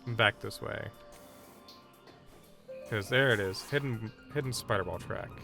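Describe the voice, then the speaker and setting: A man's voice: on the low side, unhurried, creaky, music in the background. A man streaming a game live, chatting casually and bluntly brushing off requests from chat. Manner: blunt, dismissive banter with chat.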